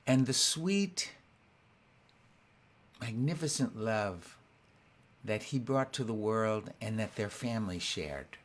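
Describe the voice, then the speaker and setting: A man hosting his weekly concert, talking softly and haltingly between songs, with many restarts. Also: fairly low pitch, animated. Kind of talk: casual spoken introduction between songs. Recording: guitar playing along in the background.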